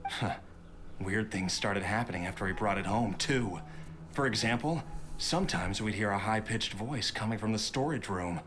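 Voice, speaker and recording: A man's voice: lowish voice, normal speed, close to an everyday voice. A man voicing a bitter, scheming son. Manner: cold, grudging.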